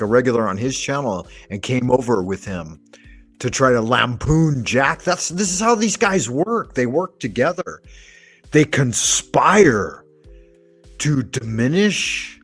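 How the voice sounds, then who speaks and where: Husky-voiced man ranting with heavy swearing. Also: mid-range voice. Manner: emphatic, sweary, sarcastic ranting. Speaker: commentary video host. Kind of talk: profane reaction commentary.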